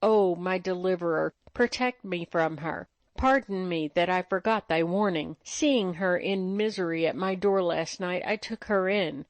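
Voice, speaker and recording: A woman voicing a gentle young bride who pleads earnestly in archaic speech. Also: on the low side, unhurried, hardly any pauses, no echo. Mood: pleading.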